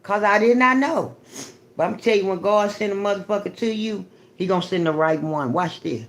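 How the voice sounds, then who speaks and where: Woman livestream host, casual storyteller, profane, animated, repeats herself. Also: mid-range voice, normal speed.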